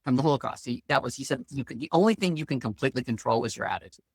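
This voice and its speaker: Blunt, lively woman telling stories. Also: extremely low pitch, racing, slightly rough, no room sound. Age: middle-aged. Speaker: guest, financial planner. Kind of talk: casual interview talk.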